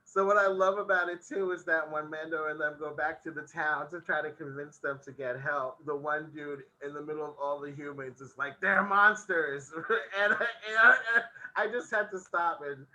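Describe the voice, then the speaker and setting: A man chatting on a casual podcast, recapping an episode in easy, rambling sentences. He laughs often as he goes. His voice is very bright and forceful. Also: on the high side, brisk, poor audio. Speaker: podcast co-host.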